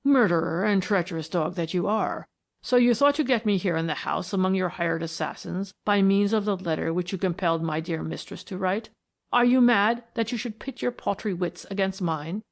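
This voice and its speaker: A woman's voice: fairly low pitch, normal speed, gravelly. A woman voicing a solemn, menacing male mystic, the last of his tribe, who speaks in a grave, prophetic manner.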